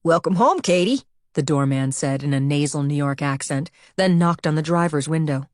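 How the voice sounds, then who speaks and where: A woman narrating an audiobook with even, measured storytelling. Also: low voice, no echo, studio quality. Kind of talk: scripted narration.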